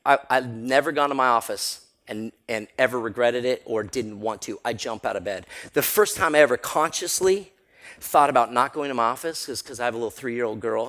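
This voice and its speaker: An energetic man addresses a seminar crowd, telling stories and laughing often. His pitch sits in the middle of the male range. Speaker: motivational speaker. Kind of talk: live seminar talk. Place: seminar room with audience.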